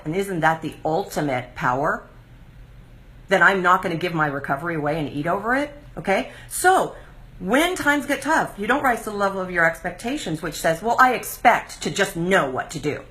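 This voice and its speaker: Lively, emphatic woman coaching viewers. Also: fairly low pitch, moderate pace. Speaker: recovery coach and live show host. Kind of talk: live online talk show monologue.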